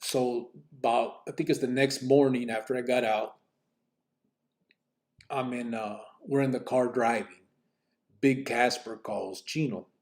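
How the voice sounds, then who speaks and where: A man's voice: mid-range voice, steady tone, a little slow, long pauses. A man telling his own story on a podcast in casual street slang, rambling with many fillers and acting out other people's lines.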